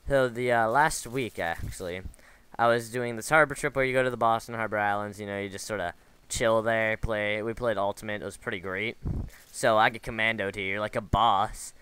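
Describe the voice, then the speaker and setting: A man's voice: lowish voice, steady tone, normal speed, pushed and bright, clear, resonant tone. A man giving casual, rambling commentary over a video game, drifting into side stories with lots of fillers and restarts. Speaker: gameplay commentator.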